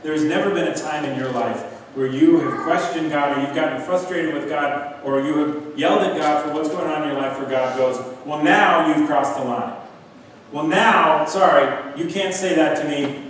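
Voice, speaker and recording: Earnest pastor preaching in a roomy hall. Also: male voice, medium pitch, a little hiss or hum. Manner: earnest, emphatic, builds to repeated points. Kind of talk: sermon. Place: church sanctuary. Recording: echoey church hall from far off.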